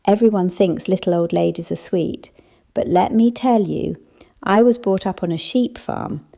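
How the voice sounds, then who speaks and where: A woman's voice: on the low side, moderate pace, gravelly, dark tone. A woman voicing a blunt, tough elderly woman raised on a sheep farm, speaking in a brusque, scolding manner in an audiobook. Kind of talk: audiobook character voice.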